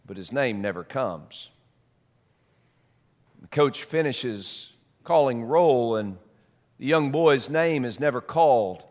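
A man preaching a sermon as a story, dramatic, swinging between loud and soft. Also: medium pitch, animated, takes it slowly, pauses often. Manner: dramatic, shifts loud and soft, repeats words.

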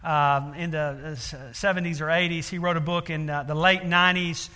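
A man's voice: fairly high pitch, little pitch movement, moderate pace, pushed and bright, clear, resonant tone. A man preaching a sermon, telling a story earnestly with many fillers and building to emphatic appeals. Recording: long reverb of a large hall.

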